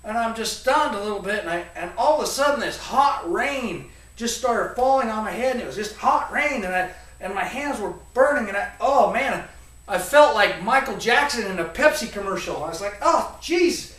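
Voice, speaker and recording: A man around forty, telling a comic story to an audience in a rambling, animated way. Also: high-pitched, moderate pace. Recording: echoey room, voice from a distance.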